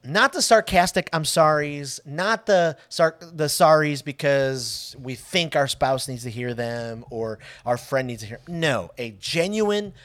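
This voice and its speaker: A man co-hosting a casual podcast chat, animated and drawing out key words for emphasis. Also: medium pitch, dry recording. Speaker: podcast co-host.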